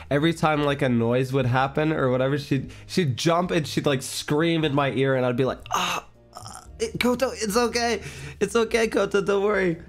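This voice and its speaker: A young man chatting on his livestream with a stuffy, congested voice at a middle pitch. He rambles through his story with plenty of fillers and breaks into laughter often. Faint music plays softly behind him. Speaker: livestream host. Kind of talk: casual chat storytelling.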